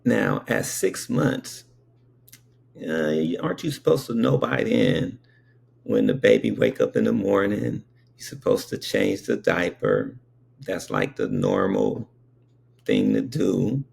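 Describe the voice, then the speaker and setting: A man's voice: on the low side, very animated, slow pace, gravelly, a little mellow, breathy edge. A man in his fifties telling childhood memories in a meandering, conversational way, with frequent asides to the listener. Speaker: storyteller. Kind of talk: casual spoken recollection.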